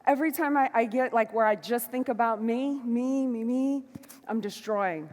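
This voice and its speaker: A woman giving a motivational stage talk to a live audience, fiery and emphatic, moving between shouts and soft asides. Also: on the high side, moderate pace, big-room sound. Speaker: motivational speaker. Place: large hall before a live audience.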